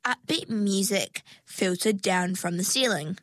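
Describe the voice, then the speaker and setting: A woman reading a children's storybook aloud in a calm, measured way. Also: medium pitch, no room sound. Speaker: reader. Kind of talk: storybook narration.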